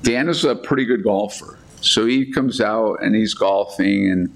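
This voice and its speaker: A man, a golf course architect, telling lively anecdotes in casual chat, acting out the people he quotes. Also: on the low side, a little slow, creaky. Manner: animated anecdotes with quoted voices, frequent restarts.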